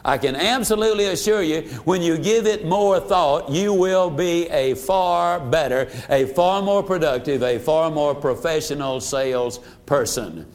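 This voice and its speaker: A middle-aged man giving a motivational sales training talk, emphatic and preacherly, slowing down to stress key points. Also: a little high.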